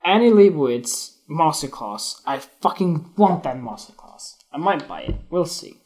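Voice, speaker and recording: A man's voice: on the high side, sing-song, unhurried, a little mellow. Candid, cursing man musing on photography. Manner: candid, swears freely, wanders and restarts, grows emotional. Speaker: photography podcast host. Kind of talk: casual spoken monologue on Instagram Live.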